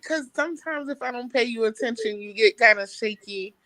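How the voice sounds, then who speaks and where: A woman's voice: on the high side, fairly quick, a bit bright. A woman on a live online panel, playful and teasing in casual banter.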